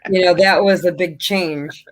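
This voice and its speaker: A woman guest in a casual live chat who tells stories in a friendly, animated way. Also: fairly low pitch, a little slow. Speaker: guest crochet creator.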